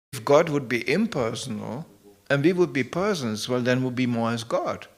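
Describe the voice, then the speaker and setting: A man with a gravelly, creaky voice lecturing on scripture in a relaxed, conversational way. He keeps it light and humorous, slipping in stories and asides as he goes. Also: mid-range voice. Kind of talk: devotional lecture.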